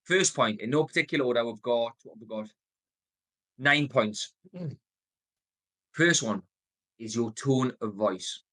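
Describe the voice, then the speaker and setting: A man in his thirties with a Geordie accent, giving a motivational sales coaching talk, stressing words, pausing on purpose and shifting his pace. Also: medium pitch, expressive, pushed and bright. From North East England. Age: 30s. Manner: varies tone and pace, deliberate pauses, emphatic.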